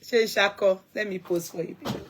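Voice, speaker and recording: A woman's voice: medium pitch, steady tone, a little fast. A woman from Gambia, chatting casually to viewers on a live stream and greeting them by name.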